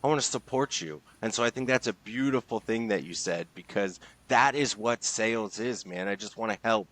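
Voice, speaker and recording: A man's voice: lowish voice, normal speed, fairly bright tone, dry recording. An enthusiastic man talking in a podcast interview as a guest, emphatic and casual with lots of slang. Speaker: guest, sales leader and author.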